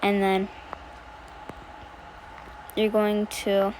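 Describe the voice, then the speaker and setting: A woman's voice: mid-range voice, little pitch movement, slow pace, long pauses, darkish tone, low-quality recording. Young woman, chatty tutorial voice-over, slight background hiss. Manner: chatty, self-deprecating, rambling with fillers. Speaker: video editing tutorial creator. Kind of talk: casual screen-recorded tutorial voice-over.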